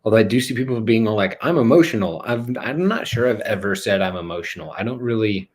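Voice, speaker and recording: A man's voice: lowish voice, fast. A man hosting a spiritual talk show, rambling playfully in a casual monologue, joking and swearing now and then. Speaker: host of a spiritual channel show.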